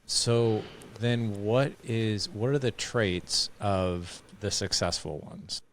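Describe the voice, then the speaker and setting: Low-voiced man, rambling casual host. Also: takes it slowly, a little hiss or hum. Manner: rambling, restarts often, says "dude" and "like". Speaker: podcast host. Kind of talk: casual conversation.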